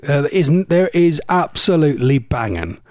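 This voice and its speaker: Chatty radio presenter, lively voice. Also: male voice, a little high, normal speed, no echo. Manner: rambling, chatty, laughs often. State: voice going hoarse. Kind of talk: casual radio chat.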